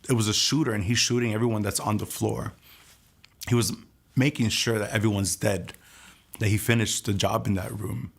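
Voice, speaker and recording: Man, personal testimony, earnest and soft-spoken, fry in the voice. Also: on the low side. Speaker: testimony speaker.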